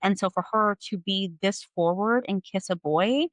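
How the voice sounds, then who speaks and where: A woman's voice: mid-range voice, moderate pace, dry recording, poor audio. A woman hosting a podcast, recapping a novel in an analytical way with many "like" and "you know" fillers. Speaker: podcast host. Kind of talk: book recap discussion.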